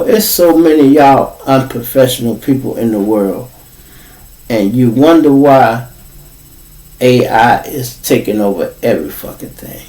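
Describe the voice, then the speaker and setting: A man's voice: mid-range voice, recorded from a distance, poor audio. A man with a Chicago accent hosting a podcast, telling a story in a loose, profane monologue and acting out the people he quotes. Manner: profane, animated, acts out quoted voices. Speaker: podcast host.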